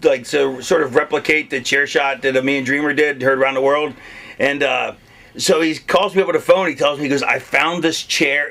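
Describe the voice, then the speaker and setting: A man's voice: fairly high pitch, gravelly, pushed and bright. A man telling profane, laughing road stories in a casual interview. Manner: profane, chuckling storyteller. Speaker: wrestling interview guest. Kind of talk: casual storytelling.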